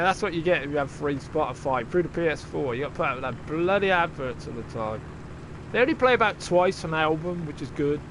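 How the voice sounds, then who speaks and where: A man's voice: a little high, noisy background. A man chatting casually and sarcastically while streaming a game, swearing freely. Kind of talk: casual live-stream chat.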